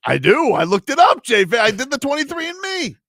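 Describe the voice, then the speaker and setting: A man's voice: extremely high pitch, wildly swooping pitch, fast talker, a bit bright, no echo, studio quality. A male sports radio host in casual banter, joking and rambling through stories.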